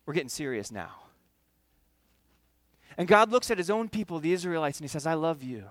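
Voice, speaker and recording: A man preaching a sermon in an animated, conversational way, with quick asides to the congregation. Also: fairly high pitch, no echo. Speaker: pastor.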